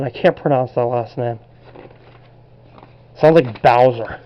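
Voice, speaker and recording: A man's voice: mid-range voice, slow pace, lo-fi sound. Rambling young man vlogging. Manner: relaxed and rambling, unsure of name pronunciations. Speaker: collectibles vlogger. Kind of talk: casual talk to camera.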